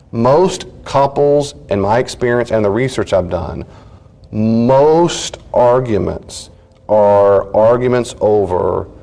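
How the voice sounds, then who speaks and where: Animated man teaching a class. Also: on the low side, creaky. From United States. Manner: animated, acts out little dialogues in changed voices. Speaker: counselor teaching a marriage class. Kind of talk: conversational teaching talk.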